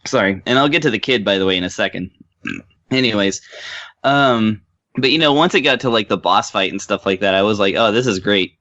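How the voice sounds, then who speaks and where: A man's voice: lowish voice, a little fast, no room sound. Guy rambling on a gaming podcast, lots of ums and likes, slightly dull dry sound. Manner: rambling, animated, lots of fillers and laughs. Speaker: podcast co-host reviewing a game. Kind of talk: casual chat.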